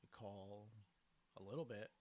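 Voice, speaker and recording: A man co-hosting a casual hunting podcast, telling stories in a steady, laid-back way with short agreeing replies. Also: on the low side, a little slow, a little hiss or hum. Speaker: podcast co-host. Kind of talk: casual chat.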